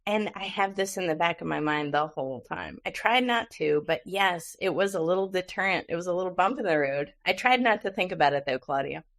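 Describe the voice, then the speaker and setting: A woman's voice: fairly low pitch, animated, a little fast, few pauses, fairly bright tone. A woman hosting a podcast, telling a story in a chatty way with frequent laughs. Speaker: podcast host. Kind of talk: casual podcast interview.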